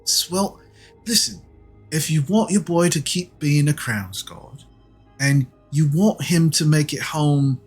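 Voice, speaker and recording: A man's voice: a little high, takes it slowly, husky, soft background music, voice pushed up. A man voicing a corrupt male city guard who extorts coin with mock-polite threats. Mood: sneering.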